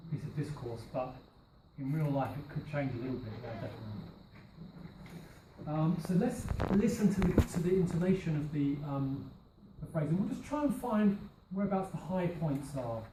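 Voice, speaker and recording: A man's voice: fairly high pitch, expressive, moderate pace. A man teaching a class, modelling phrases with emphatic stress and asking students questions. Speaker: language teacher trainer. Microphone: far camera mic. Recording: roomy classroom from a distance, faint hiss.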